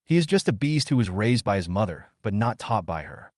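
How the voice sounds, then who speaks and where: A man doing a calm, confident young man. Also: fairly low pitch, a little fast, dry recording, clean studio sound.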